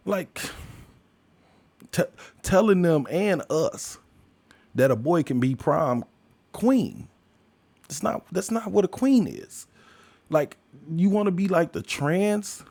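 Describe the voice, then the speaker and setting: A man's voice: high-pitched, sing-song, slow, gravelly, pauses often, a little mellow, no echo. A man hosting his own podcast, ranting alone with heavy profanity, jumping from heated outbursts to laughter. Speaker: podcast host. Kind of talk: ranting solo monologue.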